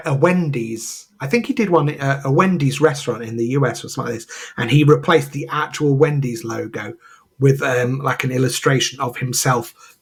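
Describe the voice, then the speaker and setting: This man's voice is medium in pitch, gravelly and husky. Co-hosting a podcast, he keeps the chat casual and rambling, full of fillers and restarts.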